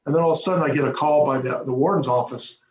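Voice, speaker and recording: Fast-talking man retelling a story. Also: fairly high pitch. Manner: fast, animated retelling with hesitant restarts. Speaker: former prison corrections officer. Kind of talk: storytelling in an interview. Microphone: video call. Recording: roomy, dull lo-fi with faint hum.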